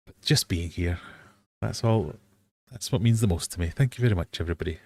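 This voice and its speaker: A British man hosting a casual live quiz stream from his fish room, playful and quick to joke at himself. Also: low voice, a little mellow. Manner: playful, jokey, laughs at himself.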